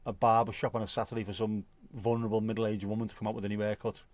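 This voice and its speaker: Speaking very fast in a fairly low, darkish voice with little pitch movement, a middle-aged livestream host chats casually about viewer comments. He laughs and swears often, and the recording has no room sound.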